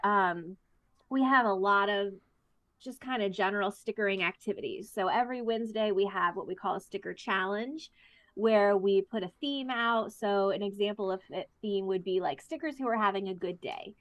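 A young woman, a therapist guesting on an interview show, chatting casually with lots of laughter and animated storytelling. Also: medium pitch, dry recording. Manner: giggly, lively, animated storytelling.

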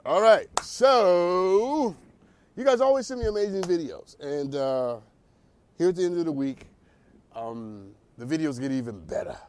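Animated high-voiced male talk host. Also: unhurried, clear, resonant tone, faint music behind. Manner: animated, preachy riffs with laughs and asides. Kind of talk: casual comedic monologue.

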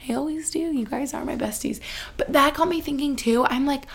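Emotional young woman chatting, gravelly. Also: high voice, moderate pace. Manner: chatty, emotional, heavy use of "like". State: close to tears. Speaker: podcast host. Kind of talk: casual chat, reading her own post aloud.

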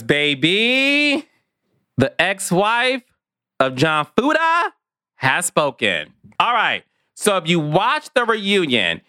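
Sassy, animated male podcast host. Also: on the high side, smooth, no echo, studio quality. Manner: sassy, drawn-out, peppered with "child" and "honey". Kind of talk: gossip commentary podcast.

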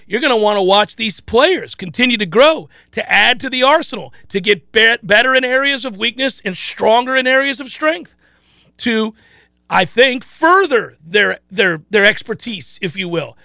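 Man, sports talk host, high gravelly voice, bright and forceful, dry close sound, chatty, lots of restarts. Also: normal speed, no echo. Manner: animated, chatty, frequent restarts. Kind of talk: casual sports talk commentary.

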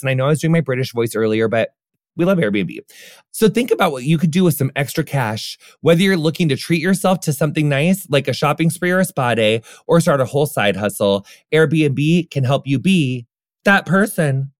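A man's voice: on the high side, expressive, fairly quick. An effusive man hosting a podcast, chatting casually and calling people darling and honey. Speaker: podcast host. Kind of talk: casual chat.

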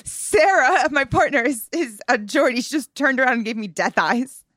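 A young adult woman chatting as a podcast guest, lively, with many fillers and easy laughter. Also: sits high, dry recording, clean studio sound. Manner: animated, quick to laugh, frequent fillers. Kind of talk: casual chat.

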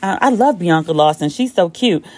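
A woman hosting a casual chat show, talking in an animated way, swearing freely and jumping high in pitch when excited, recorded on her phone. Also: normal speed, dry recording. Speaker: podcast host.

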